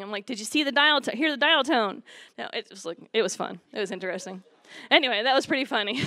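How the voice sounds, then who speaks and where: Bright-voiced woman giving church testimony. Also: fairly high pitch, smooth, no room sound. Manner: chatty, upbeat, laughs while telling stories. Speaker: youth leader giving testimony.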